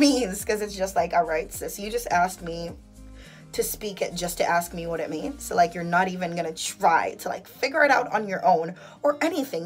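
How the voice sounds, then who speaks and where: Jamaican woman, young, mid-pitched, animated and exasperated, casual phone vlog, faint music behind. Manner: animated ranting, exasperated and chatty. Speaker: vlogger. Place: bathroom at home.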